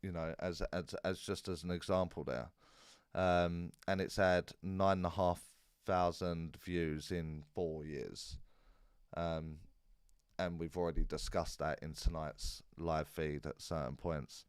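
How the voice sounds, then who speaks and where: A man hosting a live Q&A stream in a relaxed, rambling way, with many fillers and restarts. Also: low-pitched, slow pace, smooth, dry recording, studio quality. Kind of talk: casual live-stream chat.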